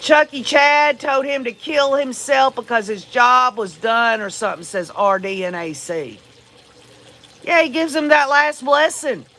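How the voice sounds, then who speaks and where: A woman's voice: high voice, measured pace, pushed and bright. A woman hosting a livestream, giving blunt, profane, emphatic commentary and talking straight to her viewers. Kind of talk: casual true-crime commentary.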